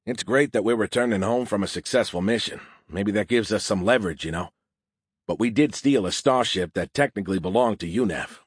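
A man's voice: fairly low pitch, brisk, husky, dry recording. A man narrating a first-person audiobook in a plain, casual, dry manner.

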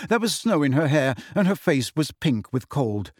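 Lively, expressive male storybook narrator. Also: on the high side, moderate pace, hardly any pauses, dry recording, clean studio sound. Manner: expressive, voices each character. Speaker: audiobook narrator.

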